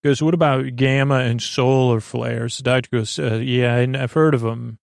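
A man hosting a sleep podcast, retelling a TV episode in a low-key, drowsy ramble full of ums, likes and restarts. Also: fairly even intonation, moderate pace, creaky, dry recording, clean studio sound. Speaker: podcast host.

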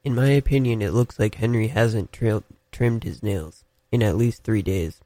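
A man's voice: fairly low pitch, moderate pace, mellow, no room sound. Young male co-host, teasing and mock-serious, dry close-miked voice. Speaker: podcast co-host. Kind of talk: playful casual banter.

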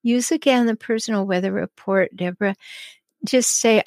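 A woman hosting an advice podcast, answering listener questions in a calm, chatty way with frequent ums and small laughs. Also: medium pitch, a little slow, dry recording. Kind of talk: advice talk show.

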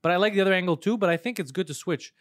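Schnell redender, fluchender Mann. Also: male voice, sits high, fairly bright tone, no echo, clean studio sound. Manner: fast, profane storytelling with many fillers. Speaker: comedian podcast host. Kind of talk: casual chat.

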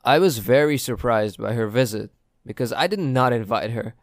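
A man reading a first-person story aloud as a steady, even storyteller. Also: medium pitch, moderate pace, dry recording, clean studio sound. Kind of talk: first-person scripted narration.

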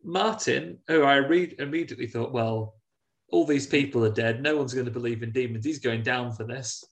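A man with an English Midlands accent, co-hosting a casual film review chat and retelling scenes with animated character voices. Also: medium pitch, moderate pace. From England. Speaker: podcast co-host.

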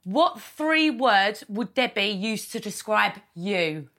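A woman's voice: mid-range voice, animated, slow pace, a bit bright. A woman playfully reading out quiz questions in a casual family game. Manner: playful quizmaster. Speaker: quiz host.

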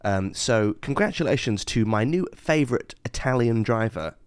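A man's voice: medium pitch, lively intonation, moderate pace, clear, resonant tone, no room sound, clean studio sound. A man co-hosting a podcast in casual, jokey chat, often breaking into silly voices. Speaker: podcast co-host.

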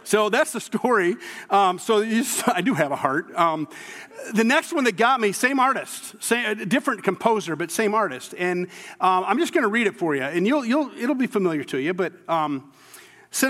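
High-voiced pastor in a reverberant hall. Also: male voice, big pitch swings, moderate pace, fairly bright tone. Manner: informal storytelling, self-deprecating humor. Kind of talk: conversational sermon.

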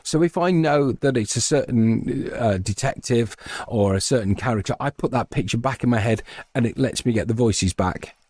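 A man's voice: medium pitch, normal speed, hardly any pauses, a little mellow, no room sound. A man who narrates audiobooks, chatting as an interview guest and explaining his work at length. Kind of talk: casual interview chat.

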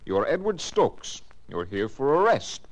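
An actor playing a suave, sinister asylum director who speaks with smooth menace, in 1940s radio acting. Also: male voice, medium pitch, sing-song, a little slow. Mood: silky menace.

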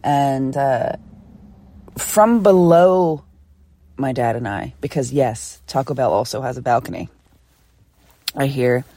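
A woman from Philadelphia hosting a casual solo podcast, chatty and quick to laugh, swearing freely as she tells a story. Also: a bass voice, expressive, dark tone, no room sound. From Philadelphia, USA. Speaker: podcast host.

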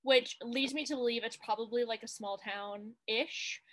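Animated woman recapping a movie. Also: on the high side, moderate pace. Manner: animated, quotes scenes in playful voices. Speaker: podcast co-host. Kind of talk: casual chat recapping a TV movie.

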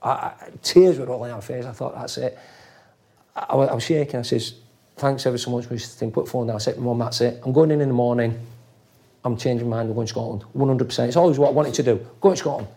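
A man's voice: medium pitch, fast talker, dark tone. A middle-aged man telling football stories in a casual interview, acting out voices and swearing freely. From England, raised in Leeds. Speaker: former footballer guest.

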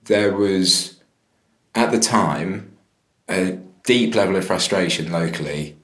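A man's voice: deep voice, slow pace, a bit bright, reverberant. A man giving frank interview commentary, hesitating often with fillers.

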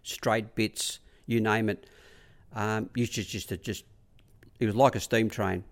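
Low-voiced Australian man telling stories. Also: fairly even intonation, takes it slowly. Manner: rambling, repeats "he said" and "I said". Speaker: racehorse track rider. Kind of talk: casual anecdotal storytelling.

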